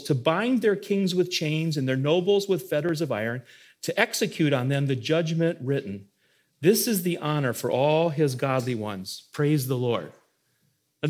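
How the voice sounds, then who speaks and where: A middle-aged man preaching a sermon as a pastor, swinging between soaring, lifted lines and hushed, intimate ones. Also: on the high side.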